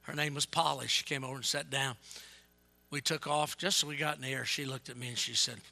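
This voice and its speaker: A man evangelist preaching a sermon, telling stories with energy and yelling to get his point across. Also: mid-range voice, fairly quick, vocal fry. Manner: yells and gets fired up; animated storytelling.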